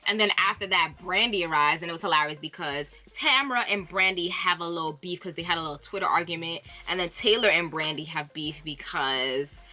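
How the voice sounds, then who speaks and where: Woman vlogger doing a chatty tv recap, lowish but bright voice, laughs a lot. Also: fairly quick, hardly any pauses. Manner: chatty and animated, laughing often, playful slang. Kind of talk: casual recap chat.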